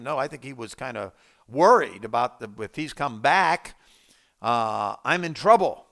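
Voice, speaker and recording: A pastor preaching a sermon, dropping to quiet low asides and then rising to loud emphatic lines. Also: male voice, animated, moderate pace.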